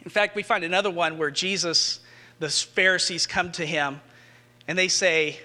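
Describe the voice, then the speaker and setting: A male pastor preaching a sermon, retelling scripture with animated, rising emphasis. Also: high-pitched, moderate pace, in a large hall.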